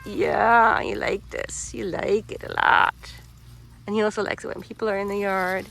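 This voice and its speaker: A woman's voice: medium pitch, steady tone, normal speed, gravelly, fairly bright tone. Woman, casual vlog chatter, cooing at pets, phone-camera sound, faint outdoor noise behind. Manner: chatty, coos at her cats, sometimes drops to a whisper. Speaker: vlogger. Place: backyard outdoors, then indoors.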